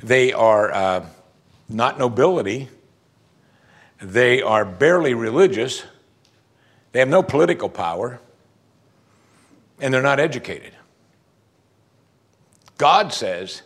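A man's voice: mid-range voice, animated, unhurried, long pauses. A man preaching a sermon as pastor, emphatic, using rhetorical questions and musing hums between points.

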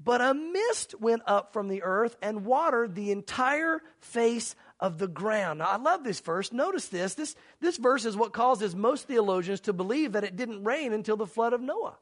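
Man, very high voice, sermon, dramatic, earnest, pleading. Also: expressive, moderate pace, few pauses. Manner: dramatic, acts out mocking crowds and shouts; earnest, pleading altar call. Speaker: pastor.

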